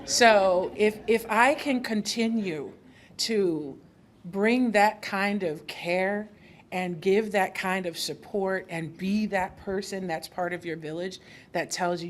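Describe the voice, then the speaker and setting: Woman birth worker at a podium, low-pitched, lively storyteller, faint rumble behind. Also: a little slow. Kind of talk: storytelling speech. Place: event hall.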